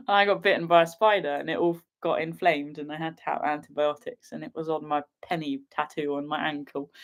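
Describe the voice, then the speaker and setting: A young British woman who makes wildlife films chats casually on a livestream from home. Her fairly low-pitched voice comes across as giggly, rambling and excitable.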